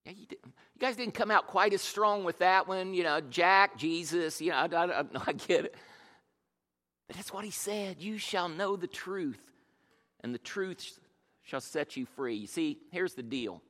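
Male pastor, playful storyteller, high bright voice, reverberant sanctuary. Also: normal speed. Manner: jokey, animated, self-deprecating storytelling. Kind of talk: humorous sermon. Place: church. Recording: long reverb of a large church hall.

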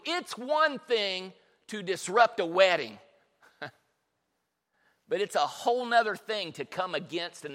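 A male pastor preaches in a church hall, his high voice carrying a fairly bright tone as he tells Bible stories with passion and plenty of repetition. The recording has a long reverb from the large hall.

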